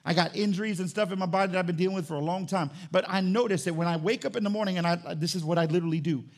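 A pastor preaching with a raised, gravelly voice, sitting high for a man. He moves from quiet reflection to soaring emphasis and voices imagined conversations along the way. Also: racing. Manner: preaching with rising intensity, acting out dialogue with God. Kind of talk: sermon.

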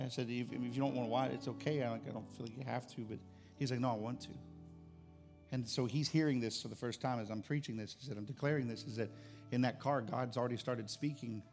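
A middle-aged man preaches a sermon to his congregation, his voice gravelly and worn at the edges. He drives his points home through loud, emphatic repetition, then drops low and quiet. Soft instrumental music plays faintly beneath him. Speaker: pastor. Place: church service.

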